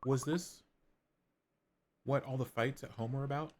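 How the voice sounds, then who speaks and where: A man voicing an earnest grown daughter talking gently with her mother in a video game, over game music. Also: medium pitch, steady tone, measured pace, slight background noise, natural voice.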